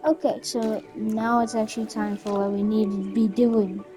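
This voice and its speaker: A woman's voice: fairly high pitch, level tone, normal speed. A woman commenting on her own gameplay in a chatty way, with self-mocking asides. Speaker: gamer. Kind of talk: let's play commentary. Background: faint game music.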